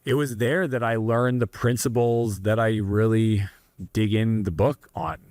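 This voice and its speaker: A man's voice: fairly low pitch, fairly even intonation, a little slow, a little mellow, no echo. Earnest Canadian man telling his story. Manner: earnest, rambling, restarts and asides. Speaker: guest entrepreneur. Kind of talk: candid interview storytelling.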